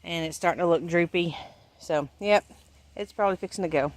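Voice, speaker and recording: A homestead gardening vlogger with a fairly low voice gives a brisk, folksy tour of her vegetable garden outdoors. Filming on a handheld camera, she chats with viewers and points things out as she walks.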